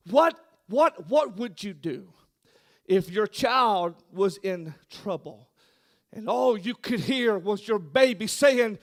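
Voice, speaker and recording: Impassioned high-voiced preacher man. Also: lively intonation, slow. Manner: shouting, impassioned preaching that drops to a hushed tone. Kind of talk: sermon. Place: church.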